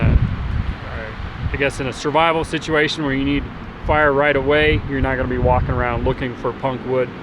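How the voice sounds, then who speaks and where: A man teaching a survival skill outdoors, talking in a relaxed, halting way with many fillers and restarts while wind blows. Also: mid-range voice. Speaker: survival instructor. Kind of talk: outdoor demonstration. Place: outdoors, windy. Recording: noisy outdoor recording. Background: wind and outdoor noise.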